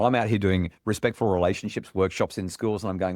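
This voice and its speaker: Deep-voiced earnest Australian man. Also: fast talker, hardly any pauses, no echo, clean studio sound. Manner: earnest, animated storytelling. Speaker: parenting expert guest. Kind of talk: podcast conversation.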